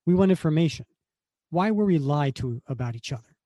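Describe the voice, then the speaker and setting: A man's voice: a little high, lively intonation, brisk, mellow, no room sound, studio quality, natural voice. A man reading the lines of a blunt, defiant soldier hero in his own voice.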